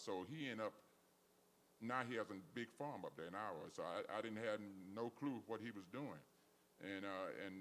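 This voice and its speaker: A man's voice: fairly low pitch, fairly bright tone, a little hiss or hum. An older man telling casual stories, rambling along with frequent restarts. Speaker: guest. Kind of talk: casual storytelling.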